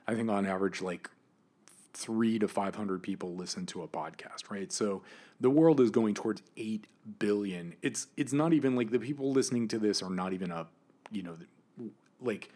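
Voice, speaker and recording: A man hosting his own podcast, ranting with anger and frequent swearing, swinging between loud outbursts and quiet asides. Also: fairly low pitch. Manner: angry, emphatic, swears often, swings between loud and soft. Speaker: podcast host. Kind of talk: impassioned solo podcast rant.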